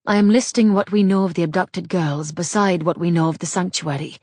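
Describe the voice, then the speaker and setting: A brisk, sharp-tongued proper lady who talks crisply and gets straight to business, as a woman reads her in an audiobook. Her voice is low and slightly husky, with a dry close sound. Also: steady tone, no room sound, lightly acted. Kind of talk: audiobook character voice.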